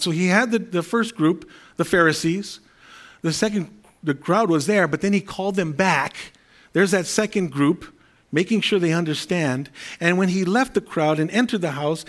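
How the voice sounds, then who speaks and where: A man preaching an earnest, conversational sermon, explaining scripture and Greek words. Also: fairly high pitch. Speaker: pastor.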